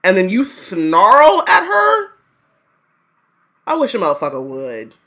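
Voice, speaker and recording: Woman co-host, profane ranter, very expressive pitch, bright. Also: slow pace. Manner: animated, profane ranting with laughter. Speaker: podcast co-host. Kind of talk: casual chat.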